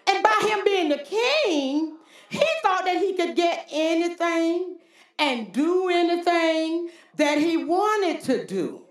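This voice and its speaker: A woman preacher delivers a folksy, call-and-response sermon in a high, lively voice that swoops up and down. She takes her time and lets her lines land slowly. The church hall around her is roomy and echoing.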